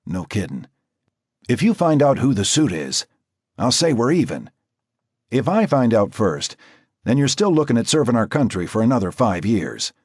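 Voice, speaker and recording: A man's voice: mid-range voice, sing-song, normal speed, a little mellow, breathy edge, dry recording, clean studio sound. A man playing a wry undercover cop. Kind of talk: audiobook character voice.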